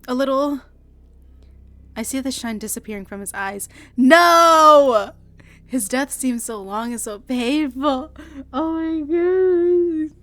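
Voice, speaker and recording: High-voiced young woman reading dramatically. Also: normal speed, dry recording. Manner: dramatic, shouting outbursts and laughing reactions. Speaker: virtual streamer. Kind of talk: reading a visual novel aloud on stream.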